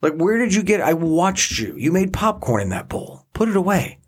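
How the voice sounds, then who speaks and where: A man co-hosting a casual podcast who vents in an exasperated, animated way. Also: sits high, normal speed, breathy edge. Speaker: podcast co-host, parent. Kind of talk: casual chat.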